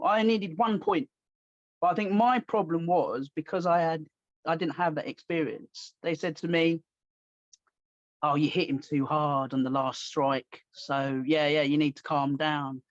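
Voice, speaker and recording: A man with a fairly high voice tells stories in a casual podcast chat, jumping into the voices of people he quotes. The recording is dry and slightly dull, with a lo-fi tone. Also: no room sound. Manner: animated, acts out quoted voices. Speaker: podcast host.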